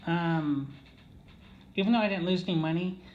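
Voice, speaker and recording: A man's voice: high voice, normal speed, lo-fi sound. A man telling a casino story in a rambling way, with many fillers and restarts, often checking in with "okay?". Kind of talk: casual storytelling monologue.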